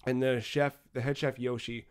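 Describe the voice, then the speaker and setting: A man co-hosting a podcast, telling a travel story in a casual, animated way with frequent swearing. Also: medium pitch, normal speed, clean tone. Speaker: podcast co-host.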